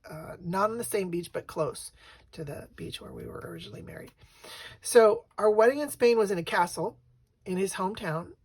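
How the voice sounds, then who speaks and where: A middle-aged woman casually showing her craft work, soft and rambling, with lots of fillers and restarts. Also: mid-range voice, lively intonation, normal speed, slightly rough. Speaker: craft vlogger.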